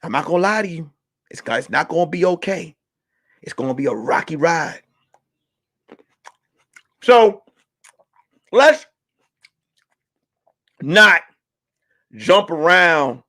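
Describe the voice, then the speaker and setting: A man hosting a comedy talk stream, ranting loudly and profanely about the news. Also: on the high side, slow pace, long pauses. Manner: loud, animated, profane ranting. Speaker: comedian host. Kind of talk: comedic commentary.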